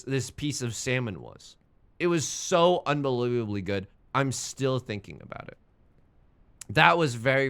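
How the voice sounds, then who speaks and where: Smooth and fairly bright, this medium-pitched male voice belongs to a young gaming streamer. His casual chat rambles with self-mockery, and he curses whenever the game gets frustrating.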